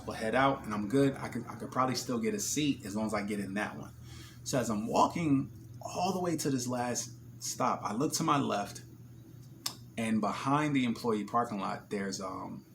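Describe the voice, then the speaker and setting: A man with a New Jersey accent tells an animated, profane story in a casual vlog and acts out the scenes. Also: fairly low pitch, slight background noise. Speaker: vlogger.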